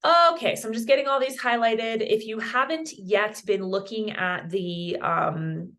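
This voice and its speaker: A woman's voice: a little high, a little slow, a bit bright. A woman from Colorado teaching a beginner Spanish lesson online, chatty and encouraging, dropping Spanish words into her explanations. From Colorado, USA.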